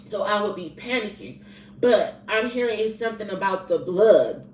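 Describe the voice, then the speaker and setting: A vlogger in her thirties shares a candid personal testimony, blunt and profane, with colloquial grammar. Her mid-range voice is animated and moderately paced. The audio is roomy and echoey, with her distant from the mic and faint background noise.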